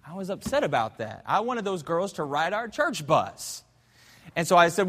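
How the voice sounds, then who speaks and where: A man preaching a sermon as pastor in a church, telling a story fervently, swinging between loud and hushed. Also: high voice, very animated, moderate pace, big-room sound. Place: church sanctuary.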